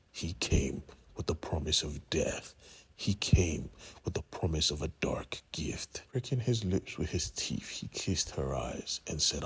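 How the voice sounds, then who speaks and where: A man's voice: rumbling low, breathy edge. A man casually retelling a comic story, conversational, with asides to the listener. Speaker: comic recap narrator.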